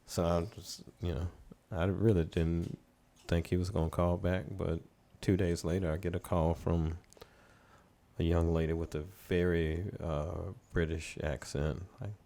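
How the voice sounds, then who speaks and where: Deep-voiced man telling studio stories. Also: a little slow, vocal fry. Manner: relaxed, rambling anecdotes, laughing as he tells them. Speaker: recording studio owner and producer, guest. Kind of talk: casual storytelling in a podcast interview.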